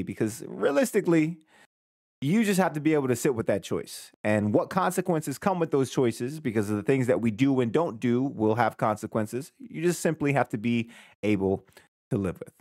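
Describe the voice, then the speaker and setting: A man's voice: mid-range voice, expressive, moderate pace, a little mellow, dry recording, studio quality. A man in his thirties hosting a live reaction stream, thinking aloud in a casual, conversational way. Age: 30s.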